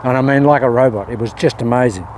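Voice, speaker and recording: A man filming a golf vlog at an outdoor practice area talks casually to camera, coaching himself between shots. His medium-pitched voice is a little mellow and quick-paced, and there is faint outdoor noise.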